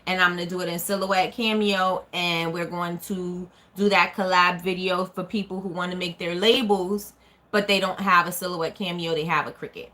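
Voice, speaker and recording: A woman's voice: on the low side, fairly even intonation, moderate pace, pushed and bright. A woman hosting a casual live stream, chatting and answering viewer comments as they come in. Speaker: small business owner hosting a live stream.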